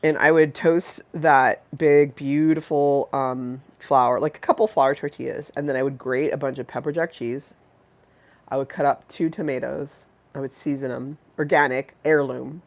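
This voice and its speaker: A woman's voice: extremely low pitch, fairly even intonation, moderate pace, darkish tone. A congested woman hosting a live stream, rambling and giggly as she chats with viewers and reads the chat aloud. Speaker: livestream host.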